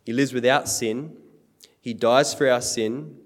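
A man's voice: mid-range voice, fairly even intonation, measured pace, big-room sound. A man preaching a sermon in an earnest, emphatic way, quoting scripture.

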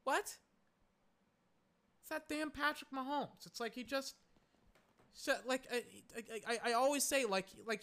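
A man's voice: very high-pitched, lively intonation, normal speed, pauses often, sharp tone. A young man hosting a podcast from home, talking through a game in a rambling, exasperated way, with lots of fillers and swearing. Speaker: podcast host. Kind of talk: casual live game commentary. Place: home, in a recliner.

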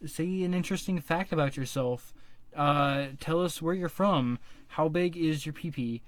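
Joking podcast host, man, higher voice. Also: moderate pace, no echo. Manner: joking, crude, profane humor. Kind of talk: casual podcast banter.

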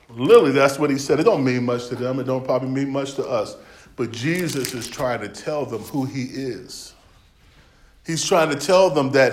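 A man's voice: medium pitch, moderate pace, reverberant. A man from the United States preaching a sermon in plain, slangy African American English, joking and laughing often as he reads and explains scripture.

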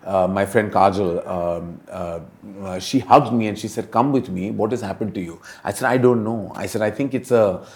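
A man's voice: lowish voice, moderate pace, darkish tone. A middle-aged man with an Indian English accent, a film director speaking candidly and emotionally in an interview, full of fillers and restarts.

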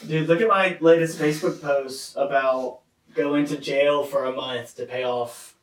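A man's voice: fairly high pitch, steady tone, a little slow, far from the mic. A man hosts a casual podcast, laid-back and mostly chiming in with short remarks. He sits back from the mic, and the room rings with echo. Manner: laid-back, brief interjections. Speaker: podcast host.

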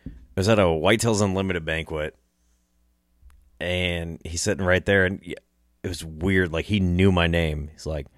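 A man's voice: sits low, fairly even intonation, normal speed, pauses often, no room sound, clean studio sound. A man hosting a podcast, telling a story casually in a rambling, chuckling way, with restarts and swearing. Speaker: podcast host.

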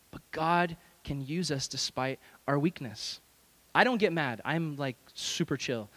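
A young man, a youth pastor, preaching a sermon with personal stories that he acts out with animated voices. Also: fairly high pitch. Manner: animated storyteller acting out scenes.

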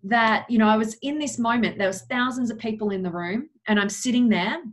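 Earnest young woman telling her story. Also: fairly high pitch. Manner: earnest, slows down for emphasis, many "you know" fillers. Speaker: guest. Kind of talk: personal storytelling in an interview.

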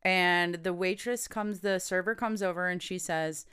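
A woman's voice: fairly low pitch, fairly even intonation, unhurried, a bit bright, smooth. A woman co-hosting a podcast, casually telling a story, quoting people and laughing often. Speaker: podcast co-host.

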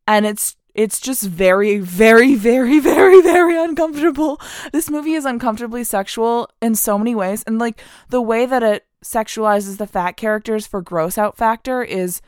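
Animated ranting woman podcast host, smooth voice. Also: medium pitch, no room sound, clean studio sound. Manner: animated, indignant, laughs often, lots of "like". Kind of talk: podcast rant.

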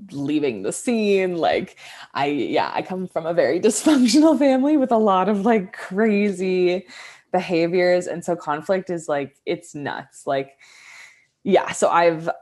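A woman's voice: fairly low pitch, a little mellow. A young woman co-hosting a casual podcast, talking candidly and animatedly with frequent laughs. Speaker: podcast co-host. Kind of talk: casual chat.

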